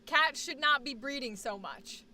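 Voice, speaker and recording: Bright-voiced woman chatting on a stream. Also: high voice, measured pace, a little hiss or hum. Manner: animated, rambling, jokey. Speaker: streamer and actor. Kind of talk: casual live-stream chat.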